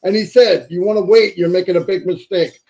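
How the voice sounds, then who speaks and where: A man's voice: high-pitched, brisk, warm tone, rough recording. A man hosting a live stream, signing off with upbeat motivational urging. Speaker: host.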